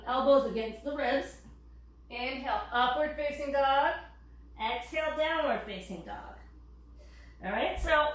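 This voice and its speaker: Woman yoga teacher, high voice, calm breath cues, slightly winded, distant mic in a very echoey room. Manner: calm cueing of breath and poses, occasional laughs. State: out of breath while demonstrating. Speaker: yoga instructor. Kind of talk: guided yoga instruction.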